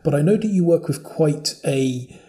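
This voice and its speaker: A man hosting a podcast interview, asking measured, thoughtful questions and rephrasing as he goes. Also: a little high, expressive, mellow. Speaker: podcast host.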